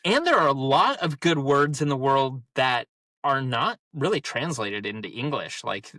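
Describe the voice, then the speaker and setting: A man in his thirties chats casually on a podcast, winding through stories and leaning on "like" as he goes. His voice is bright and forceful, sitting at an ordinary middle pitch. The recording is dry and close, with no room sound. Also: very animated, normal speed, dry recording. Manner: rambling storyteller, many "like" fillers. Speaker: podcast co-host. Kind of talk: casual conversation.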